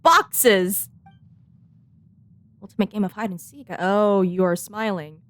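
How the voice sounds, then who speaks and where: A woman's voice: mid-range voice, slow pace, pauses often, a bit bright, no echo. A woman streamer giving playful, giggly commentary while she plays a game and talks back to the characters. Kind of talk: casual gameplay commentary. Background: faint game music.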